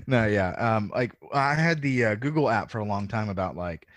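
A man's voice: on the low side, lively intonation, moderate pace, no room sound. A man from the American South with a faint Southern drawl, talking as a podcast guest in a rambling, filler-heavy way and swearing freely. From Southern United States. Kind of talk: casual podcast chat.

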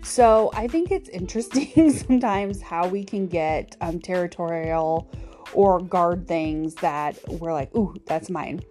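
Woman, podcast host, casual solo chat, low-ish voice, faint music underneath. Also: a little slow, dark tone. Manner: chatty, lots of fillers and laughs.

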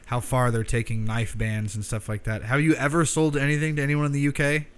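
A man's voice: medium pitch, flat delivery, a little fast, clean tone. A man interviewing a knife maker, asking curious questions and laughing often. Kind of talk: casual interview.

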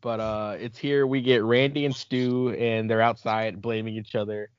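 A man's voice: fairly low pitch, steady tone, normal speed, clear, resonant tone, no room sound, highs cut off. A man hosting a podcast, recapping a movie in casual chat and laughing often, enthusiastic. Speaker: podcast host.

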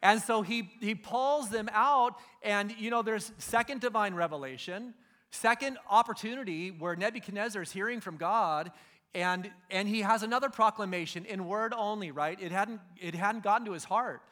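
Casual preacher, middle-aged man, high bright voice, slangy storyteller. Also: moderate pace. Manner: casual storytelling, acts out biblical figures in slang. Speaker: pastor. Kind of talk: sermon.

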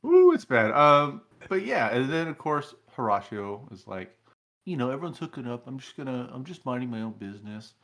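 A young man chatting casually as a podcast co-host, telling stories in a rambling, animated way. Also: mid-range voice, moderate pace. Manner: rambling, animated storytelling with laughs. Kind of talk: casual reality-show recap chat.

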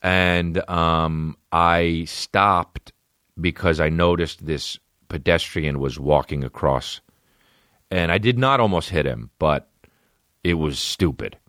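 A man's voice: low voice, takes it slowly, fairly bright tone, no room sound, studio quality. A man in his thirties hosting a podcast, telling rambling, profane, self-deprecating stories in a casual comedic way. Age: 30s. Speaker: podcast host.

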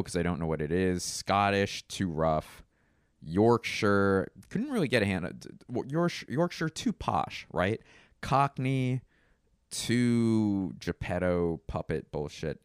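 A man's voice: deep voice, sing-song, slow pace, clean tone, dry recording, clean studio sound. A man hosting his own podcast in a casual solo monologue, rambling and profane, with frequent restarts and fillers. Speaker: podcast host.

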